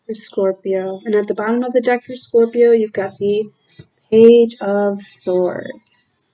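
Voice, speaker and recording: A woman giving a tarot reading from a room at home, talking in a slow, halting, reflective way with many fillers. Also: medium pitch, fairly even intonation, dark tone, dull audio. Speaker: tarot reader.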